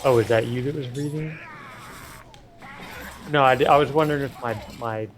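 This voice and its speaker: A man playing a co-op game with a friend, talking in a halting, laid-back way and asking lots of questions. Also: mid-range voice. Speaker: co-op gaming partner. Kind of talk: casual gameplay chat.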